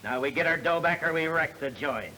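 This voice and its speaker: An old-movie gangster, gruff slang, threatening, sharp bright voice. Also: male voice, on the high side, lively intonation, fairly quick, slight background noise, rough recording. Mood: menacing. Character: tough gangster customer demanding money. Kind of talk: 1930s film comedy acting.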